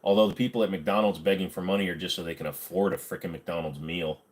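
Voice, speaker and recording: A man's voice: low voice, steady tone, fast. A man hosting a casual livestream, reading viewer comments aloud and answering them in a blunt, sarcastic way, swearing freely. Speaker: livestream host.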